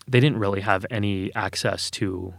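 A man's voice: lowish voice, steady tone, normal speed, creaky, a bit bright. A man from Texas, a guest telling personal stories in an earnest, thoughtful way, with many fillers. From Texas, USA. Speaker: interview guest. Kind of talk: reflective personal storytelling.

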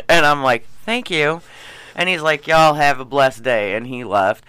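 A man telling stories in casual chat, animated and laughing often as he acts out what people said. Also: fairly high pitch, a little slow, clean tone, no room sound. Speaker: gas station clerk.

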